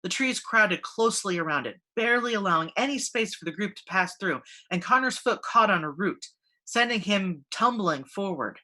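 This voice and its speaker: A woman narrating a fantasy story aloud, expressive and steady. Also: mid-range voice, moderate pace. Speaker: fiction reader. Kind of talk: audiobook fantasy reading.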